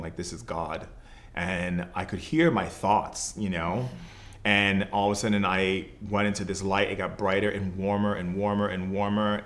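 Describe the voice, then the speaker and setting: A man, a podcast guest who works as a shaman, telling a personal story in casual conversation, loose and earnest, filled with "like" and "you know". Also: low-pitched.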